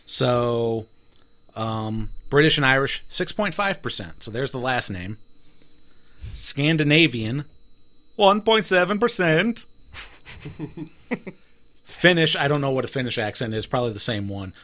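A man hosts a loose chat with friends, talking things over at an easy pace. His voice sits at a middle pitch, and he laughs often while reading out numbers. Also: lively intonation, measured pace, long pauses, sharp tone. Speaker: host. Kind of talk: casual group chat.

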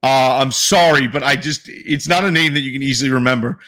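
A sports podcast co-host from the New York area speaks fairly quickly, his medium-pitched voice bright and forceful. Animated and casual, he swears freely.

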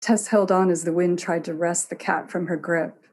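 A woman narrating a fantasy tale in a measured storytelling manner. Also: on the low side, flat delivery, darkish tone, a little hiss or hum.

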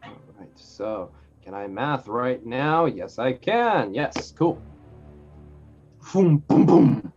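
A man narrating as game master of a tabletop game over a call, relaxed and laughing, throwing in sound effects. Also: medium pitch, slow, muffled recording, faint music behind.

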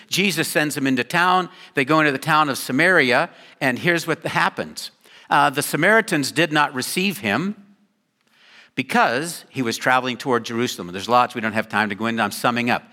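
An older man preaches to his congregation in a loose, conversational way, tossing in joking asides. His voice is bright, and his pitch swings widely as he talks. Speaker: pastor. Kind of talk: sermon.

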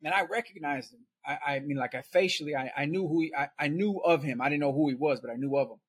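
A man's voice: on the high side, fast talker, husky. A man guest on a podcast, telling his story in a casual, conversational way and checking in with "right?".

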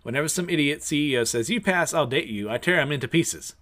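A man's voice: fairly high pitch, animated, fast, a bit bright. Man reading as a blunt young samurai woman. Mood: stern. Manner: blunt, businesslike. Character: stern ambitious young female samurai.

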